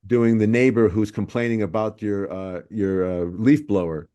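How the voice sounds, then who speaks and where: A man's voice: lowish voice, fairly even intonation, moderate pace, dark tone. Brief: male podcast co-host, easygoing and jokey, rambling delivery. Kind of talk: casual podcast conversation.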